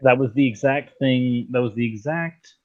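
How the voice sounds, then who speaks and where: A man's voice: medium pitch, moderate pace, darkish tone, highs cut off. A man as a guest in a casual debate, speaking bluntly and emphatically.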